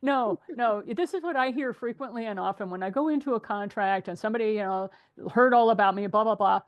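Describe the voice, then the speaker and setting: A middle-aged woman hosting a casual group chat, telling animated stories and laughing often. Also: a little high, fairly quick, lo-fi sound. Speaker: host.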